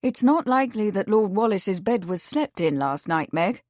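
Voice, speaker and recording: A woman voicing a kindly gentleman investigator with a measured manner. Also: mid-range voice, animated, no room sound, studio quality, close to an everyday voice.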